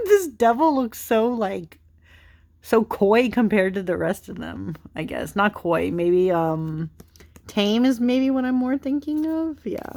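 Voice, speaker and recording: Young woman, casual chat, gravelly, sleepy, rambling fillers, soft giggles. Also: medium pitch, takes it slowly. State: sleepy, yawning late at night. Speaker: tarot channel host. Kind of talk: casual chatty card flipthrough.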